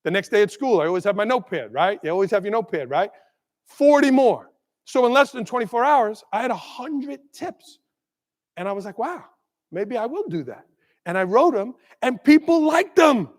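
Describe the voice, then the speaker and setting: A middle-aged man tells stories and jokes from a conference stage, drawing the audience in with questions. His voice sits high for a man. Long reverb from a big hall trails after his words. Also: fairly quick. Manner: animated storyteller, asks the audience questions. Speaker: keynote speaker. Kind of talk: energetic keynote talk with jokes.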